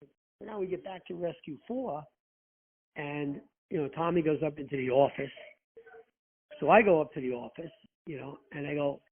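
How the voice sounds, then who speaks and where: Husky guy telling wild firehouse stories with lots of swearing, sounds like a phone call. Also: a little high, normal speed, long pauses. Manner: profane, animated storyteller who acts out quotes. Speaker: guest, former rescue firefighter. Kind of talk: casual anecdote telling. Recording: tinny phone line.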